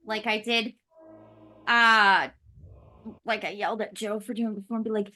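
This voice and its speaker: A woman's voice: medium pitch, normal speed, sharp tone. A woman playing in a tabletop role-playing game, giggling often and joking in a playful way. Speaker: player. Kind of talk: casual tabletop game play.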